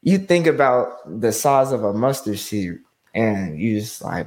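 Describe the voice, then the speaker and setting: A man's voice: fairly low pitch, big pitch swings, a little slow, a little mellow. Slangy, laid-back man hosting a podcast. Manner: loose, slangy, keeps saying "bro", "you know what I'm saying". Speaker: podcast host leading the topic. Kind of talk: casual podcast talk.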